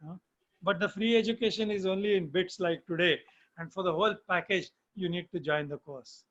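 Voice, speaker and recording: A man's voice: sits high, fairly quick, fairly bright tone, highs cut off. A man, telling stories in an online lecture and often asking "huh?" of his listeners. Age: 60s. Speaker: management professor.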